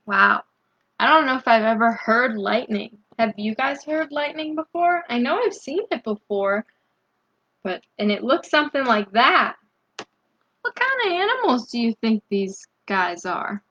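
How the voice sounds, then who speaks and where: A woman reading a picture book aloud as a bedtime story, gently asking young listeners questions between the pages. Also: a little high, very animated, a little slow, lo-fi sound. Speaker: storybook reader.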